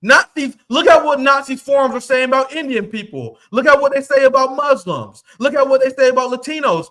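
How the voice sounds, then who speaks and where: A man's voice: very high-pitched, a little fast, fairly bright tone. A man hosting a livestream, delivering angry, profane commentary in a heated rant. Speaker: livestream host.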